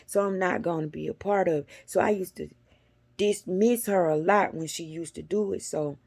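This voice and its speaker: Gravelly-voiced woman telling a spiritual story. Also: lowish voice, no room sound. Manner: animated, cussing, talks straight to her viewers. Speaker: spiritual vlogger.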